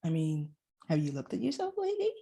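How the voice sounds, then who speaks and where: A woman voicing her own belittling female inner critic, condescending and doubting, in a mellow, husky voice. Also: fairly high pitch, wildly swooping pitch, moderate pace, full character voice. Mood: scornful.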